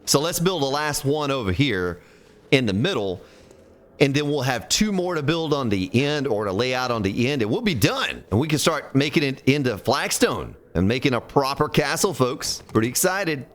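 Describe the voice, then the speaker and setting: A man's voice: mid-range voice, sing-song, normal speed. A man streaming a building game, counting blocks aloud, chatting with viewers and grumbling at the game as he plays. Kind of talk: casual live-stream gameplay commentary.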